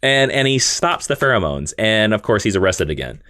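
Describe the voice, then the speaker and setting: Animated man telling a story. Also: lowish voice, moderate pace, smooth, dry recording, clean studio sound. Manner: animated storytelling, acts out characters. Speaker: podcast host. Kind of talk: casual chat.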